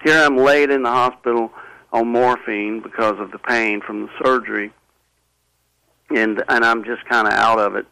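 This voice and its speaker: Man, interview guest, gravelly voice, halting earnest storytelling, dry sound. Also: medium pitch, steady tone, pushed and bright, no echo, low-quality recording. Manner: halting and earnest, many restarts and fillers. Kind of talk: personal storytelling in conversation.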